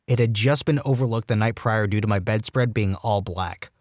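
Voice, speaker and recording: A man reading reddit stories aloud with animated delivery and wry asides. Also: lowish voice, moderate pace, hardly any pauses, no echo, clean studio sound. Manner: animated, jumps into quoted voices with wry asides. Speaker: storytime narrator.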